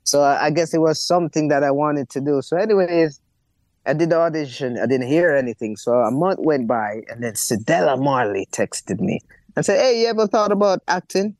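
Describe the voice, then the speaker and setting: A young man, an actor and bass player, telling a story in a casual interview and acting out the people he quotes. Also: normal speed, a little mellow, dry recording, low-quality recording. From Jamaica.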